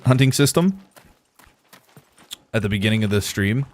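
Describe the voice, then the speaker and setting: Speaking at a normal speed in a lowish, expressive voice, a young man chats casually with viewers while streaming a survival game live. It's rambling commentary aimed at his chat as he plays.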